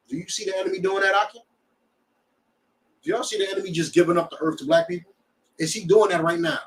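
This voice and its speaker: A man teaching a scripture class in an animated way, often checking that his students understand. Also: high voice, fairly quick, distant mic, poor audio.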